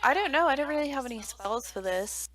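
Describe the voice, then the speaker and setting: A woman's voice: high voice, animated, fairly quick, a bit bright, slight background noise. A woman playing a tabletop game, hesitant and full of questions. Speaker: player. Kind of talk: tabletop role-play.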